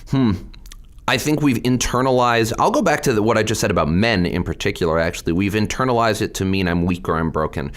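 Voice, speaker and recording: Middle-aged guy on a podcast, low voice, telling it straight and lively. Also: fast. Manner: candid, animated storytelling. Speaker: state representative guest. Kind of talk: podcast interview.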